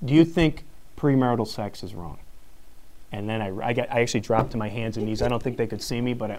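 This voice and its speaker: A man giving a live talk to an audience, a teacher telling a story with plenty of energy. He acts out the voices in his story and laughs often. His voice sits at an ordinary middle pitch. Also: expressive, quick pace, darkish tone. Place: live conference session.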